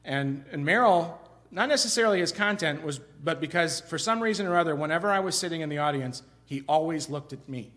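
A middle-aged man from Iowa gives a sermon in a conversational style. His voice sits a little high for a man, and he talks in an animated way, rising and dropping as he stresses points and often restarting his sentences. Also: a little fast. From Iowa, USA. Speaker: pastor.

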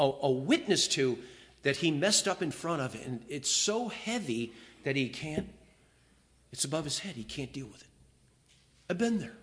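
A male pastor preaching a sermon, reading scripture with feeling and swinging between loud emphatic lines and quiet, hushed confessions. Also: fairly high pitch, lively intonation, moderate pace. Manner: reads scripture aloud with feeling.

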